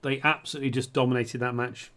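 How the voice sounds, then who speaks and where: A man's voice: medium pitch, little pitch movement, fast, a bit bright. A man, commentating on a live online tank match as the stream host, flustered and apologetic. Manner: flustered and apologetic, self-mocking. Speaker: esports caster and streamer.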